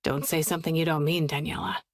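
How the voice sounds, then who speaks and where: A woman voicing a gruff, guarded young man who talks low and blunt, clipped and swearing. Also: steady tone, quick pace, no room sound, clean studio sound. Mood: tense, guarded.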